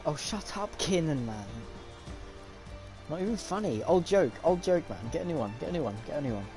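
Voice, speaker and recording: A young man with a slightly high voice commentates a sim racing stream over faint music. He rambles and jokes between upbeat, polished race intros, tired but buzzing on caffeine. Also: sing-song, fairly quick, dark tone. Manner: rambling, chatty banter between bursts of upbeat formal intro.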